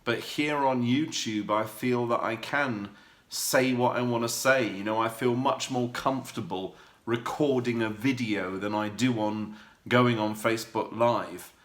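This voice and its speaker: A man's voice: medium pitch, unhurried. Man rambling in an echoey room. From United Kingdom. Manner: warm rambling talk with many fillers and restarts. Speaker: vlogger. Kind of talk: candid personal vlog.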